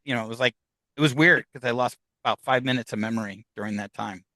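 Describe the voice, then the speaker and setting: Heard in a dry, poor-quality recording, this man's voice is mid-range, steady, bright, and forceful. He's a guest from Upstate New York on a podcast interview, spinning a long story haltingly with many fillers and restarts while acting out other people's remarks.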